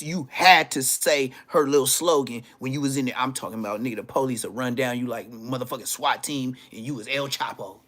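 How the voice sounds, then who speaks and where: A man telling profane, animated stories from his school days on a casual livestream, laughing as he goes. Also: mid-range voice. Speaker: livestream host. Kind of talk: casual storytelling.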